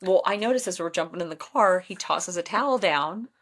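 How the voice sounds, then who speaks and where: A woman in her thirties hosting a podcast, telling a story in a blunt, animated way and laughing often. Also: fairly low pitch, brisk. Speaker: podcast host and Enneagram coach. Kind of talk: casual storytelling chat.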